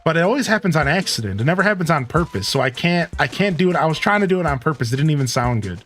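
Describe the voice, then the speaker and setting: A man's voice: fairly high pitch, sing-song, racing, a bit bright, faint music behind. A man streaming a retro video game, chatting casually and joking with viewers as he plays. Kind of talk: casual gameplay commentary.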